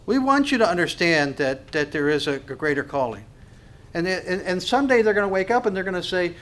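A man preaching a sermon, swinging from hushed to loud and asking the congregation rhetorical questions. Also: high-pitched, animated, fairly quick. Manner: acts out quoted voices. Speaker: pastor.

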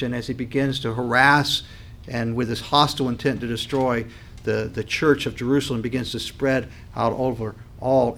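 A male pastor delivering a sermon at a medium pitch. He builds to loud, emphatic peaks and falls back to quiet, conversational asides. He clears his throat from time to time. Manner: dynamic preaching, voice swells and drops with emphasis.

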